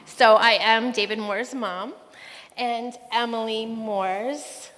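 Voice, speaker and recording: At a wedding reception hall, a middle-aged woman speaks as the mother of the groom, her voice on the high side, fairly bright and fairly even in intonation. She goes slowly through an emotional, rambling speech with a family story, fighting back tears, and the room adds long hall reverb.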